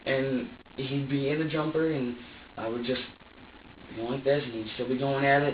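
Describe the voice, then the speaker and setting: A man's voice: mid-range voice, steady tone, moderate pace, long pauses, distant mic. Agitated, cursing man in a police interrogation room, rambling and restarting, heard from across an echoey room on a dull, muffled recording with faint background hiss. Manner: swings between angry outbursts and quiet muttering. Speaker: suspect under police questioning. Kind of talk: emotional confession to investigators. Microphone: room recording from a distance.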